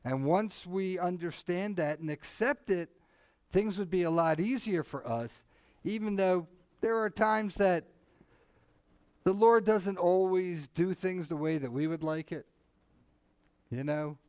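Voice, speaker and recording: A man's voice: high-pitched, a little slow, pauses often, a little mellow, clean tone, no room sound. A man co-hosting a casual Bible discussion, talking in a rambling, conversational way with many asides and frequent chuckles. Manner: chuckles often, mimics others animatedly. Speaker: Bible study co-host.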